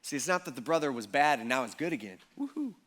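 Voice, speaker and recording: A pastor preaching a sermon in a casual, conversational way, often checking in with the congregation and acting out the people in the story. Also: male voice, mid-range voice, fast. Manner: animated, acts out the people in the story.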